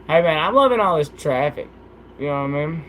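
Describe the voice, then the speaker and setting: A man's voice: a little high, expressive, brisk, a bit bright, slight background noise. A young man hosting a casual livestream, laid-back and slangy, joking and laughing often. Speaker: livestream host.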